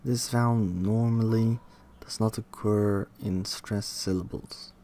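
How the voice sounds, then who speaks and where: A man reading aloud from a linguistics textbook, halting, restarting words and questioning the text as he goes. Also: on the low side, fairly even intonation, mellow. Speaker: reader studying a linguistics textbook. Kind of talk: reading aloud with self-commentary.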